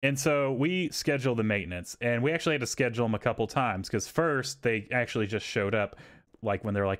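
A man hosting a podcast, telling a long story in a loose, profane, animated way and putting on voices for the people in it. His voice sits at a middling pitch for a man. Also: a little fast. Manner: animated, profane, acts out quotes. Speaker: podcast host. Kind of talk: casual storytelling.

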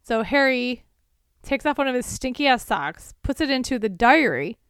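A young woman co-hosting a podcast, casually retelling a story in a lively way and slipping into quick silly voices. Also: sits high, smooth, no room sound, studio quality. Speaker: podcast co-host. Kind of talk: casual chat recapping a story.

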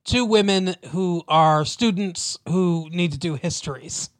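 A man telling a story in a loose, rambling way, his voice a little on the high side. He stumbles and restarts as he goes, and acts out the lines of the people in the story. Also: measured pace. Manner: rambling, many restarts, acts out quoted lines, laughs often. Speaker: podcast co-host recapping a TV episode. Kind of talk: casual chat.

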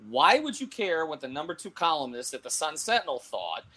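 A middle-aged man telling a long anecdote in casual talk-show chat, animated and laughing, with many restarts. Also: on the high side, fairly quick, breathy edge. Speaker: sports columnist and show host.

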